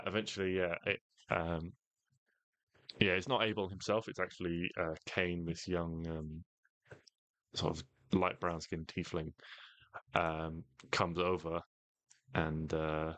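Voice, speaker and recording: A man narrating as game master of a tabletop game, halting and full of fillers. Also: deep voice, a bit bright, dry recording.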